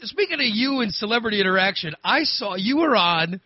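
A man's voice: sits high, animated, fairly quick, no echo. A man hosting a casual chat, joking and teasing his guest. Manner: jokey, teasing. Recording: dry, dull radio-style audio.

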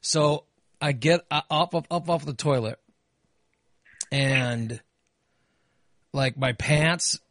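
A man hosting a podcast, exhausted and telling a casual story in an animated way, swearing and acting out what he said. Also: on the high side, slow, long pauses, no room sound. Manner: animated, swears, acts out his own quotes. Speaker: podcast host.

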